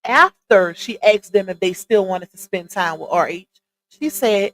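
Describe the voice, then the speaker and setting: A woman's voice: mid-range voice, lively intonation, measured pace, fairly bright tone, rough recording. A woman speaking, hosting a live stream and giving casual, emphatic commentary to her viewers. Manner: chatty, emphatic, addresses viewers directly.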